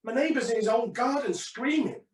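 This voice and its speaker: A man's voice: extremely high pitch, normal speed. A man with a British accent playing a tense, irritable neighbour who is worried about the strange noises outside. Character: irritable male neighbour named Paul.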